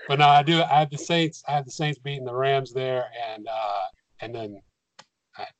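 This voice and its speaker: A man co-hosting a sports podcast, talking through his picks in a measured, analytical way with some hesitations. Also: medium pitch, lively intonation, a bit bright, no room sound, poor audio. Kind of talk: casual sports chat.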